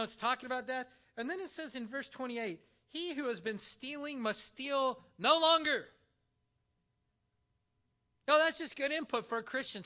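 A man delivering a sermon with a very high pitch and a bright, tense edge. He preaches in an animated, emphatic way and stretches key words with dramatic pauses. He speaks in a church. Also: clean tone. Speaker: pastor.

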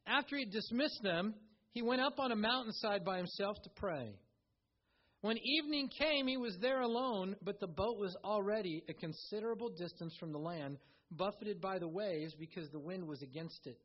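A man's voice: extremely high pitch, dull audio. A man preaching a conversational sermon, reading scripture and acting out quotes along the way. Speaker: pastor.

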